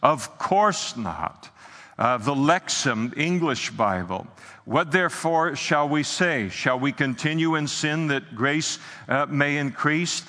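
A man's voice: fairly high pitch, a little slow, pushed and bright, long reverb tail. A man preaching a sermon in an earnest way, with many filler sounds and restarts. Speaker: pastor.

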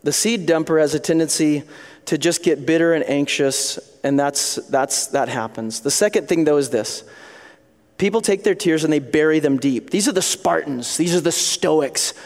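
A middle-aged man preaching a sermon as a pastor, animated, acting out little voices and scenes. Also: a little high, normal speed, long reverb tail.

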